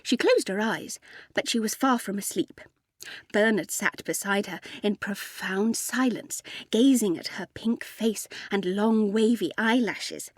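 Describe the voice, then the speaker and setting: A woman's voice: medium pitch, unhurried, dry recording, clean studio sound. Woman reading a storybook aloud. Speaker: narrator.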